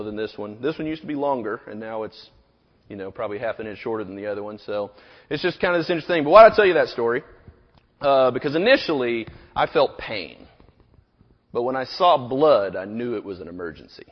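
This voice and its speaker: Man, 30s, preacher, casual rambling storyteller, middle pitch, long hall reverb, muffled recording. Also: lively intonation, fast talker. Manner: casual, rambling storyteller full of "you know". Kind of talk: sermon with a personal story. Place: auditorium. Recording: echoey hall, dull recording.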